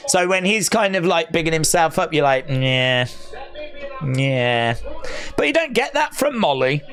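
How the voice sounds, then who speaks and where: A man from England hosting a live fight watch-along stream, chatting casually, reading out viewers' comments and breaking into excited cheers. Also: sits high, a little fast, soft background music.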